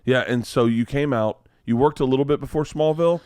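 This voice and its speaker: A man's voice: mid-range voice, darkish tone, clean tone, no echo, clean studio sound. A man from the American South hosting a podcast, talking eagerly and bluntly in casual chat. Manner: eager, blunt interviewer, quick talker. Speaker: podcast host.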